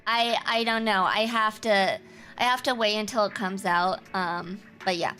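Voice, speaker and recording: Bright, chatty woman streamer. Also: mid-range voice, unhurried. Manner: chatty, teasing and self-assured. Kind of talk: casual chat with a live chat.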